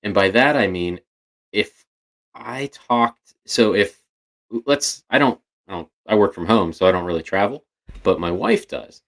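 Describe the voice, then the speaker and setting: This podcast co-host has a lowish, expressive voice and speaks a little slowly. He keeps things casual, thinking aloud and frequently starting over mid-thought.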